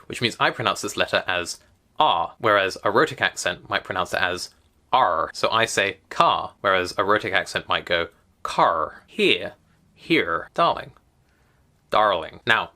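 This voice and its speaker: A man's voice: mid-range voice, bright, forceful tone. A young man with a West London English accent, talking casually to camera and explaining ideas with chatty enthusiasm. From England. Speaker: content creator.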